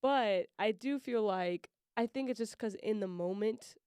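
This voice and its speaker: A woman's voice: mid-range voice, measured pace, a little mellow, smooth, no echo, studio quality. A woman co-hosting a casual faith podcast, thinking aloud, trailing off and laughing often. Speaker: podcast co-host.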